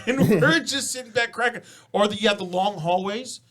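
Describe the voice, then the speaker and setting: A man's voice: high-pitched, normal speed, a bit bright. A man hosting a casual chat show, telling loose, profane stories through laughter. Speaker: podcast host.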